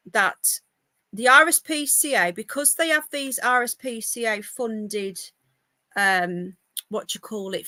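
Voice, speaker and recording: A woman's voice: mid-range voice, pushed and bright, no echo. A woman hosting a live news podcast from home on a laptop mic, chatting in a rambling, easily distracted way. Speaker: podcast host reading news. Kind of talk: casual live news chat. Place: home by a window.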